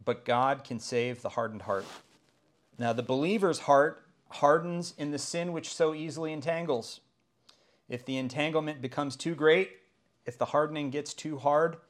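Earnest preaching man. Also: medium pitch. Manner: earnest preaching, rising to emphatic exclamations. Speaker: pastor. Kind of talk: sermon.

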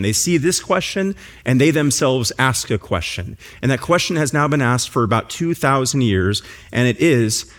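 A pastor preaching a sermon in church, building his points through earnest, emphatic repetition. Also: medium pitch.

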